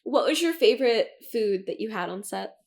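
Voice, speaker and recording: A woman's voice: fairly high pitch, animated, moderate pace, creaky. A woman co-hosting a podcast in casual chat, mostly giving short reactions and asking questions. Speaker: podcast co-host.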